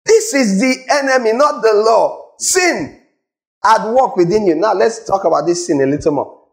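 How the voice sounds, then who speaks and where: A man's voice: high-pitched, lively intonation, moderate pace, vocal fry, poor audio. A man preaching a sermon, emphatic and scolding, questioning his congregation directly and repeating his points. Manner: emphatic, repetitive, asks the audience questions.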